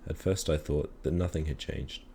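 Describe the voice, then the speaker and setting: Very deep-voiced man reading a story. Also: a little hiss or hum. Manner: calm, measured storytelling. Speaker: reader. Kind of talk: reading a children's story aloud.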